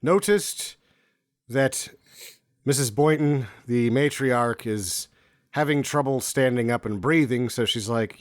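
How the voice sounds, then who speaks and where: A man's voice: mid-range voice, slow pace, dry recording. A man co-hosting a comedic movie-review podcast, recapping the plot dryly with mock quotes. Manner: dry, wry recaps with sudden mock quotes. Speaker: podcast co-host.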